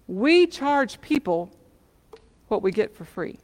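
A woman's voice: a little high, animated, moderate pace, darkish tone, in a large hall. A woman preacher telling a parable in a sermon, with many questions to the listeners.

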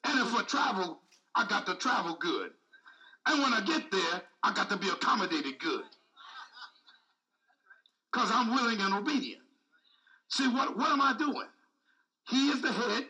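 Animated high-voiced man preaching. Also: normal speed, pauses often, far from the mic, poor audio. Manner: call-and-response preaching, repetitive, emphatic. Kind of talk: sermon.

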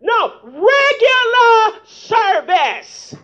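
A woman's voice: very high-pitched, very animated, drawn-out words, a bit bright. A woman preacher delivering a fervent sermon into a microphone in a church, calling out to the congregation with rhetorical questions, in a dull lo-fi recording. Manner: fervent call-and-response, rhetorical "huh?". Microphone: handheld microphone.

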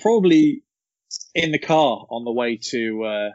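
A man's voice: medium pitch, animated, a little slow, darkish tone, no echo. A man hosting a casual film chat, joking and asking the others questions. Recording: dull lo-fi sound.

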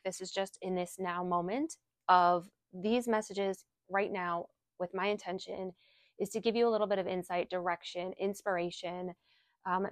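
A woman working as a spiritual guide, leading affirmations and reflection in a gentle, slow way and repeating each phrase. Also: medium pitch, no echo, studio quality.

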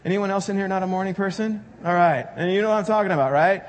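A male pastor preaches a sermon to his congregation in a conversational, joking way, posing questions to the crowd. He has a high voice and talks fast.

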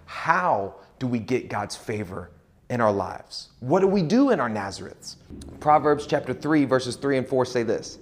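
A man preaching a sermon in a conversational way, dropping low and slow to stress key points. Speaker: pastor.

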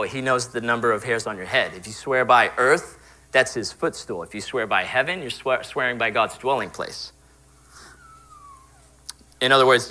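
A man's voice: medium pitch, pushed and bright, low-quality recording. A man, likely a young adult pastor, giving a conversational sermon and acting out little quoted exchanges. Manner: conversational, acts out quoted voices.

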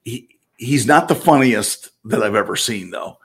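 A man's voice: medium pitch, a little slow, husky. A man co-hosting a podcast, chatting casually with lots of fillers, restarts and chuckles. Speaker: podcast co-host. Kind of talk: casual chat.

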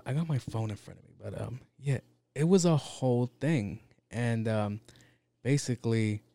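A man's voice: mid-range voice, warm tone, no room sound. A man ranting casually and comically, rambling and swearing, packed with fillers. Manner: rambling, profane, lots of fillers. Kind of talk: casual comedic rant.

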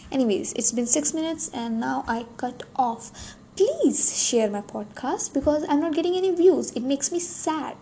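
A woman's voice: high-pitched, expressive, moderate pace, dark tone, low-quality recording. A young adult woman hosting a solo podcast, rambling and self-deprecating with many restarts. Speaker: podcast host. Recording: faint background noise.

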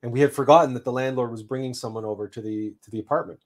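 A man hosting a livestream, telling a personal story in an unhurried, reflective way with frequent restarts. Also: medium pitch, fairly even intonation. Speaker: livestream host.

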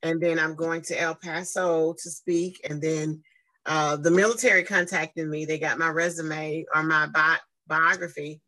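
A woman, telling her story casually in conversation, lively and acting out what people said. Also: unhurried, low-quality recording. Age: 50s. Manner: animated, acts out quoted exchanges with big swings in pitch. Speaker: guest speaker and advocate.

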